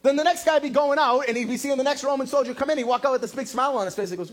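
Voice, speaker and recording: A male pastor preaching a sermon, telling a story with lively acted-out quotes. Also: very high voice, quick pace, few pauses. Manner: animated storytelling, acting out quotes. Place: church in Massachusetts.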